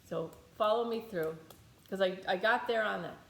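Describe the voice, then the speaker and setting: Guiding a tapping meditation at normal speed, the woman's mid-range voice is fairly bright with vocal fry; she talks bluntly, swears freely and processes her feelings aloud, all in an echoey room.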